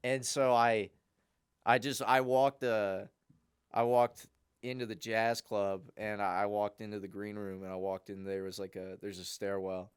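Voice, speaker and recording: A man's voice: fairly low pitch, little pitch movement, unhurried, clean tone, dry recording, clean studio sound. Young man telling a rambling story. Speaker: podcast co-host. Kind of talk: casual storytelling chat.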